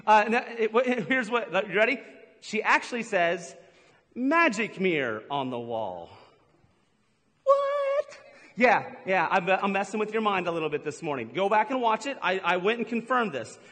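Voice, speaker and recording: A man with a bright, high voice preaches to a congregation in a big hall, his words trailing off into a long reverb. He talks in a playful, teasing way, cracking jokes and throwing in quick asides. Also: expressive. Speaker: pastor. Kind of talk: humorous sermon. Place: large church hall with a live congregation.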